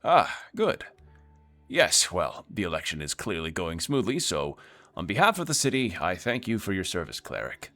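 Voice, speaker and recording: A man's voice: deep voice, huge pitch swings, normal speed, bright, forceful tone, faint music behind, heavily acted. A man voicing a smug, scheming male city lord who speaks in a clipped, haughty, condescending way. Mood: imperious.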